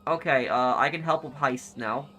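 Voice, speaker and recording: A male streamer chats through a live game session, reading viewer comments aloud and answering them. His bright, forward voice rambles in a friendly way and often restarts mid-thought. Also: medium pitch, normal speed, slight background noise. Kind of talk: casual livestream chat reading comments.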